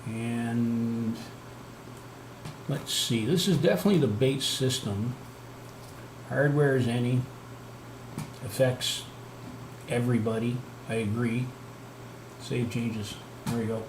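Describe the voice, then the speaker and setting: A man's voice: medium pitch, takes it slowly, pauses often. A man hosting a casual livestream, rambling and self-mocking with lots of fillers and restarts. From Canada. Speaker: livestream host. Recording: echoey room, faint background noise.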